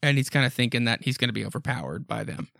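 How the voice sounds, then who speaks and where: A man's voice: mid-range voice, animated, fast talker, vocal fry, sharp tone, no echo, clean studio sound. A man hosting a podcast, casually retelling a horror comic with lots of ums and offhand asides. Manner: rambling, frequent ums and asides. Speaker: podcast host. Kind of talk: casual comic book recap.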